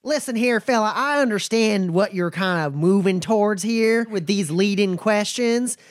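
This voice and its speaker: Man voicing a folksy drawling male nomad, blunt, raised pitch, dry. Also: normal speed, no room sound, natural voice. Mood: testy.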